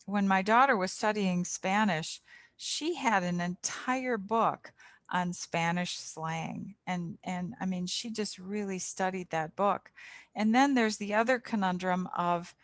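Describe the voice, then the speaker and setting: A middle-aged woman giving an online tutor training over a video call, patiently explaining and slowing down to model pronunciation examples. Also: mid-range voice, dry recording, studio quality.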